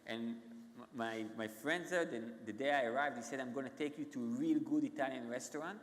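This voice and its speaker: A man with an Israeli accent, a guest author telling stories on stage in a halting, self-interrupting way. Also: mid-range voice, a little hiss or hum. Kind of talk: onstage conversation, anecdotal storytelling. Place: large event hall. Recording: echoey hall.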